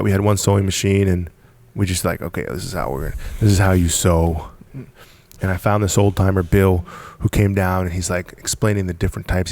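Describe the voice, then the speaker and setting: A business founder, guesting on a podcast, tells his story in casual conversation in an emphatic, punchy style, repeating phrases and laughing often. His voice is low and a little mellow, recorded with no echo.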